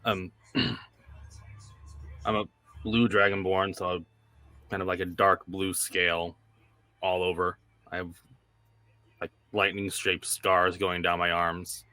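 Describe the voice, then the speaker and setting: A man with a very deep voice that still cuts through with a bright, forceful edge. His delivery is laid-back and understated. The sound is close and dry. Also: level tone, takes it slowly, pauses often, no room sound. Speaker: player. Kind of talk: describing his character at the table.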